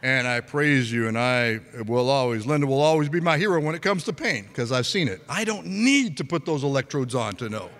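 A man's voice: medium pitch, animated, fairly quick, hardly any pauses, fairly bright tone, big-room sound. A male pastor preaching a sermon, telling a story in a chatty way with frequent laughs and restarts.

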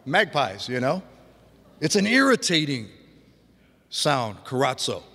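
Delivering a sermon in long hall reverb, a farm-raised pastor speaks slowly in a medium-pitched, sing-song voice with a bright, forceful tone. His preaching is loose and conversational, with frequent restarts and vivid sound imitations.

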